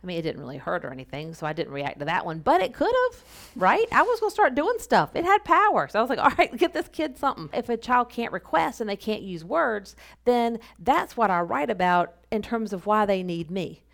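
A woman's voice: mid-range voice, big pitch swings, fairly quick, gravelly. A woman speech therapist explaining clinical paperwork in a casual, instructional podcast talk, repeating her key points.

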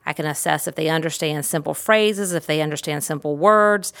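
A middle-aged woman therapist explains her methods in a lively, demonstrative way, leaning hard on key words. Her voice sits a little low. The recording is close and dry, with no room sound. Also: brisk, dry recording. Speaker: pediatric therapist. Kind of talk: instructional talk.

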